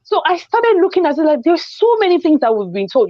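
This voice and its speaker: A woman hosting a casual group chat, telling a personal story in an animated way and acting out the dialogue. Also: very high-pitched, a little fast, no room sound, lo-fi sound. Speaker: host. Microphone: video call.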